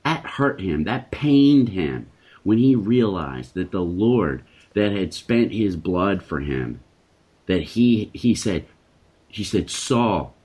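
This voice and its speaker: A man's voice: sits low, a little mellow, breathy edge. A man hosting a Christian talk discussion, speaking in an emphatic, preacherly way and repeating phrases for force. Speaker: Christian talk show host.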